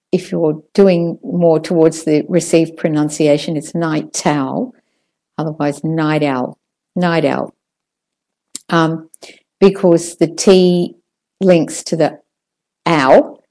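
A woman teaching an audio pronunciation lesson, saying model sentences slowly and clearly for learners to copy. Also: low-pitched, warm tone.

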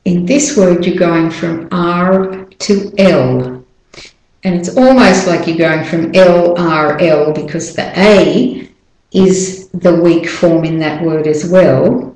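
Slow, careful woman teacher. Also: lowish voice, a little mellow, roomy sound, rough recording. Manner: slow, careful, drawn-out model words. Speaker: pronunciation teacher. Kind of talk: audio pronunciation lesson.

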